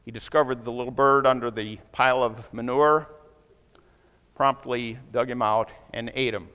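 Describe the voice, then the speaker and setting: A male pastor preaching a sermon, telling a story and acting out the voices of people in it with rising excitement. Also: mid-range voice, moderate pace, clear, resonant tone, in a large hall, dull audio.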